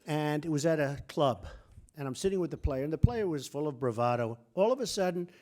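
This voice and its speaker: A man's voice: fairly high pitch, expressive, fairly quick, darkish tone. A man giving a luncheon speech as a guest speaker, boastful and repetitive, talking in punchy short phrases at a podium microphone. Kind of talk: speech delivered as casual anecdotes. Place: hall at a press club luncheon.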